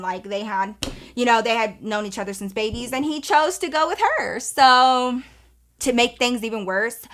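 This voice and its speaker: A woman in her twenties telling a casual, profane story time to her viewers, animated and chatty. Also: a little high. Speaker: storytime vlogger.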